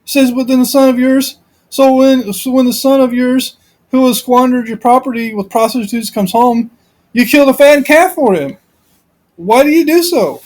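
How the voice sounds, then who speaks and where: A man's voice: extremely high pitch, moderate pace, darkish tone, pitched above the performer's own voice, poor audio. A man voicing a resentful older son complaining to his father in an indignant tone.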